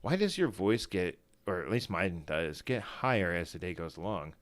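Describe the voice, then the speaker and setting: A man's voice: low voice, very animated, moderate pace, no echo. A man hosting a casual solo livestream in his morning voice, rambling and self-deprecating with lots of fillers and restarts. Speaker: fantasy football streamer.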